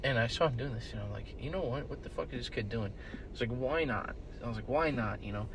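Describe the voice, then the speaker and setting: Young man, casual podcast chat, rambling, swears, medium pitch, faint background noise. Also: fast. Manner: rambling storyteller, swears a lot, loud bursts when quoting. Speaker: podcast co-host. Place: in a car with friends.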